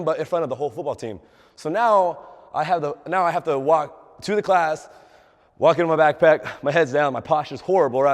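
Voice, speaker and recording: A young man, a fitness trainer, giving a casual motivational talk to a group, often asking them questions and acting out quoted dialogue. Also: fairly high pitch. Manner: chatty, asks the audience questions, acts out quoted dialogue. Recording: long hall reverb.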